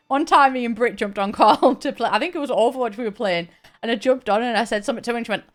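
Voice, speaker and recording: A young woman chatting and laughing while she streams a game, talking in halting bursts with frequent restarts. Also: a little high. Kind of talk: casual live-stream chat while gaming.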